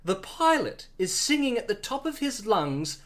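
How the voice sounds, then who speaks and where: A playful narrator tells an improvised comic tale with a lively, swinging pitch. The voice sits in a middle register. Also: normal speed. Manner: playful, laughs often. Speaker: storyteller.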